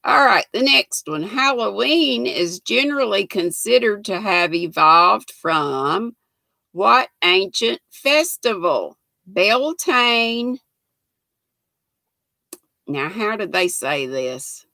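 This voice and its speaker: A woman's voice: mid-range voice, animated, slow, vocal fry, sharp tone, dry recording. An older woman hosting a casual livestream, chatting with viewers by name and reading trivia aloud. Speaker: livestream host.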